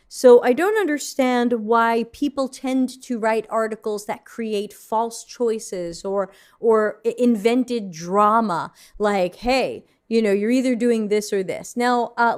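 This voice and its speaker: A woman hosting a livestream from her desk, reacting to viewer submissions in a frank, mildly snarky way with plenty of ums and restarts. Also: on the high side. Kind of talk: casual livestream commentary.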